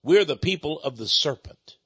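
A man quoting an angry older male heckler in an insistent, indignant tone, with a husky voice. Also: fairly high pitch, lively intonation, normal speed, fairly bright tone, no room sound, highs cut off, full character voice. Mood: solemn.

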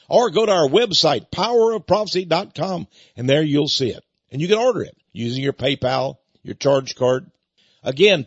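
A man's voice: medium pitch, husky, dry recording, highs cut off. An older man hosting a talk radio show, rambling in a folksy way with chuckling asides. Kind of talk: talk radio monologue with book pitch.

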